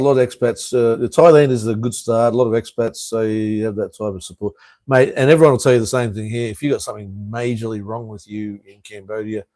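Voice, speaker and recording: A man's voice: on the low side, dark tone, no echo. A man in his fifties from Tasmania with an Australian accent, hosting a casual live stream and answering viewers bluntly, swearing freely and chuckling between remarks. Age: 50s. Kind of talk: casual live chat reading viewer comments.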